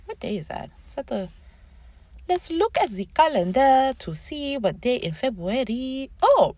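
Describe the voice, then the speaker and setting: A woman in her thirties hosting a casual podcast, chatty and animated, swearing and going off on tangents. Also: fairly low pitch, dry recording. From Canada. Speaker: podcast host. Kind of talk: casual chat.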